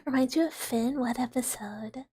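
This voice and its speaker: A woman's voice: high-pitched, moderate pace, breathy edge, no echo. Giggly whispering young woman streamer. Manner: soft whispery chatter with frequent giggles. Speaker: VTuber streamer. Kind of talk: whispered role-play. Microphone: close ASMR microphone.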